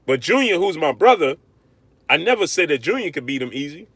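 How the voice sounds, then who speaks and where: Animated man ranting on a livestream. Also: fairly high pitch, a little fast, slightly rough, dry recording. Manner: animated, repetitive, argumentative, shouting out viewers. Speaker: livestream host. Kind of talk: live-stream boxing rant.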